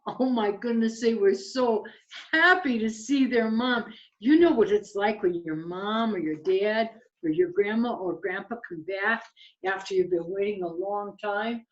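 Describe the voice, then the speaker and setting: A woman reading a picture book aloud to children, gentle and expressive. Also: mid-range voice, a little slow. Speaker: children's storyteller. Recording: slightly muffled lo-fi recording.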